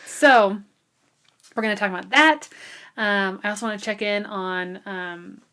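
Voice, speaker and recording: A woman's voice: mid-range voice, a little slow, bright, forceful tone. A woman co-hosting a book podcast in casual chat, chatty and giggly with lots of ums. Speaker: podcast co-host.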